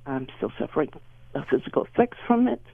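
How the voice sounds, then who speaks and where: A woman in her sixties from Southern California, calling in to a radio show and chatting earnestly with some halting pauses. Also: rumbling low, very animated, vocal fry, breathy edge, no echo. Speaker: caller. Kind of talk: call-in chat. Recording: tinny phone line, dry.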